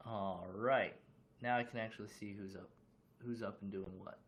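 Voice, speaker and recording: A man's voice: on the low side, fairly even intonation, moderate pace. A man casually hosting a livestream from his room, chatting loosely and greeting viewers with questions. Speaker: livestream host.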